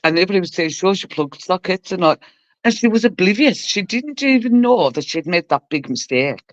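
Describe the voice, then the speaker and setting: A woman's voice: fairly low pitch, animated, a little fast, no room sound. A woman co-hosting a livestream, greeting viewers and swapping swear-laden gossip. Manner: chatty, greets viewers, curses. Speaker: livestream co-host. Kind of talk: casual gossip chat. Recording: dull dry lo-fi stream audio.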